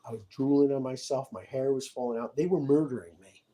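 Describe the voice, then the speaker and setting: A man talking in a loose, rambling monologue, stopping and restarting with repeated words. His voice sits at a middle pitch and has a soft, mellow tone. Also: fast, poor audio.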